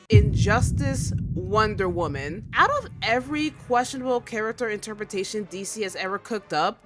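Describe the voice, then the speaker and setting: A woman hosting a comedic video essay, talking in a sassy, slangy, animated way. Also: fairly high pitch. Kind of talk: casual comedic commentary.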